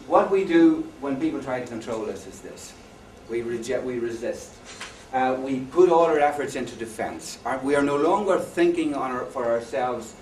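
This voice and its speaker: A man's voice: medium pitch, animated, moderate pace, hardly any pauses, darkish tone. Man lecturing in an echoey hall. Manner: anecdotal, jokey, asks the audience questions. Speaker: conference speaker. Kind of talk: lecture to an audience. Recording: echoey hall, far from mic, faint noise.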